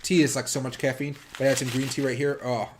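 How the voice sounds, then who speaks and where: A man's voice: medium pitch, flat delivery, quick pace, slight background noise. Rambling man chatting on a livestream. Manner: rambling, many filler words. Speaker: livestream host. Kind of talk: casual livestream chat with viewers.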